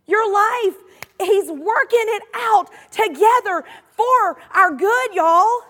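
A woman's voice: extremely high pitch, animated, slow, fairly bright tone, in a large hall. A woman with a Southern US accent preaching a sermon with passion, drawing responses from her congregation. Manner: impassioned, emphatic, repeats phrases for effect; calls out to the congregation, asks for responses.

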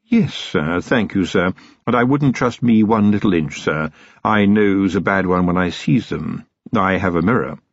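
A man voicing a smooth, formal manservant who carries a hint of menace, in an audiobook reading. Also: low voice, unhurried, dry recording, dull audio. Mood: dry. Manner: polished, formal butler's diction.

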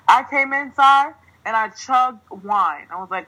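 A young woman from New Jersey, a podcast host telling a story in casual chat, swearing freely and ranting in an animated way, laughing often. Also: a little high, normal speed, few pauses, husky, low-quality recording.

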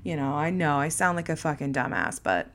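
A young woman with a slightly low voice tells a personal story in loose, casual podcast style. She is blunt and swears often. She pokes fun at herself as she goes. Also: very animated, a little fast, a bit bright. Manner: frank and profane, laughing at herself.

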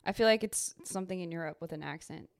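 A woman's voice: on the low side, fast talker, vocal fry. A young woman with a Southern American accent, co-hosting a podcast; blunt and sassy, she swears freely in casual chat. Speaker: podcast co-host.

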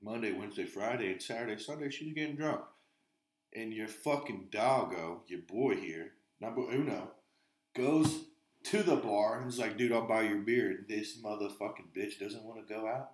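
A man's voice: fairly low pitch, normal speed, echoey room. A man on a podcast, telling rambling stories full of swearing in casual chat. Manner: profane, rambling storyteller. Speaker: podcast co-host.

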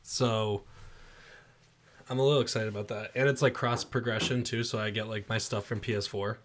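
A man with a fairly low voice chatting casually on a podcast. He rambles in a relaxed way, full of fillers. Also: normal speed. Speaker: podcast co-host. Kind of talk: casual chat.

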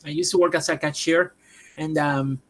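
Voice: medium pitch, moderate pace. A speaker from Puerto Rico, a native Spanish speaker with a Puerto Rican accent, in a casual chat. They tell stories animatedly and act out what other people said. They often restart their sentences. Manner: animated storyteller, acts out quotes, restarts.

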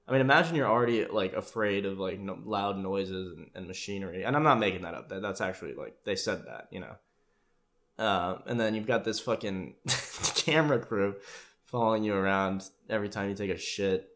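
Rambling, sarcastic man with a low voice. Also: fairly quick, a bit bright. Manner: rambling, sarcastic, swears freely. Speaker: commentator. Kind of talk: casual reaction commentary.

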